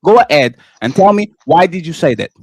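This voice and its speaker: A man's voice: a little high, animated, brisk, breathy edge, no room sound, studio quality. A man with non-native English, co-hosting a live panel and arguing hard, cutting in again and again. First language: not English. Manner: combative, repeats "sir" and "stop being emotional" to cut in. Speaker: co-host. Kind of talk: heated live panel argument.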